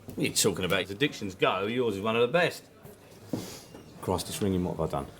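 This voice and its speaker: A man's voice: lowish voice, animated, fast talker, a bit bright, slight background noise. A man in a scripted sitcom, trading wry, self-mocking banter. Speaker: lead character in a sitcom.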